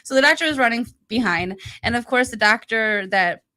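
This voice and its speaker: A woman's voice: a little high, normal speed. A woman co-hosting a casual chat show, telling a personal story and acting out what people said. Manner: animated storyteller, acts out quotes. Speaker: podcast co-host.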